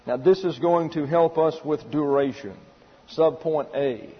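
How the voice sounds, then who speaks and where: This preacher's voice sits a little high and has a husky texture. His sermon is orderly Bible teaching, organized into numbered subpoints and punctuated by forceful rhetorical questions. The recording is muffled and echoes with long hall reverb.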